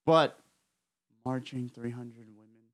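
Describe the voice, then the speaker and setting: A man's voice: medium pitch, steady tone, slow. A man with a New Jersey accent, a guest co-host in casual podcast banter, brash and crude with a joking edge.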